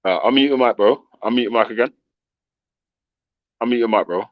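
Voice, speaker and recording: A man's voice: mid-range voice, fairly quick, no echo, highs cut off. A man hosting a casual livestream in slang, laughing and talking to his chat and callers. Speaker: livestream host.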